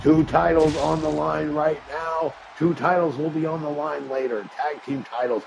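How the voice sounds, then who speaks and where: A man doing hyped play-by-play commentary on a live-streamed wrestling game, rising into shouts on big moments. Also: a little high, steady tone, moderate pace, vocal fry, over a noisy crowd, low-quality recording. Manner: hyped announcer delivery that rises to shouts.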